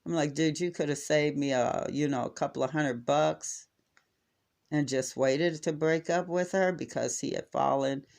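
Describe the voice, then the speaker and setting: Brief: middle-aged American man, somewhat high voice, casual exasperated storyteller who acts out quotes. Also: normal speed, vocal fry. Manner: exasperated, animated retelling with acted-out quotes.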